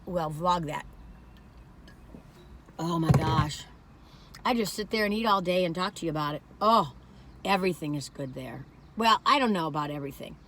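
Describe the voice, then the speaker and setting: A woman's voice: on the low side, fairly bright tone. A woman from the northern United States chatting emphatically and rambling while taste-testing a dessert for her vlog. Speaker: vlogger. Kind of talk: casual food review chat.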